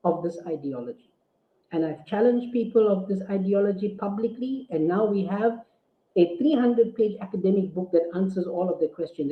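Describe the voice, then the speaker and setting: Indignant preaching man, tinny echoey audio. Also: high voice. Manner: forceful, indignant, rhetorical questioning. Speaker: Islamic scholar. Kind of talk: preaching rebuttal.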